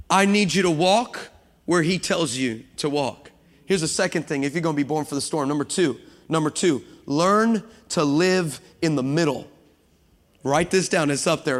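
A man preaching a sermon to a congregation, lively and humorous, building up to shouting passages. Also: fairly high pitch. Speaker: guest preacher. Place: church sanctuary with congregation. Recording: long hall reverb.

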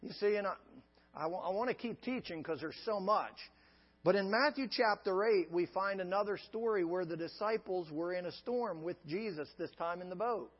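Male pastor, high voice, emphatic repetitive sermon delivery; dull lo-fi recording with long hall reverb. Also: moderate pace, breathy edge. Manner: emphatic, repetitive preaching cadence.

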